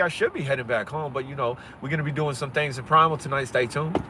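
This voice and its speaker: A man from Pennsylvania talking fast and profanely on a casual livestream, swaggering and rambling, recorded on a phone outdoors. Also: mid-range voice, background noise.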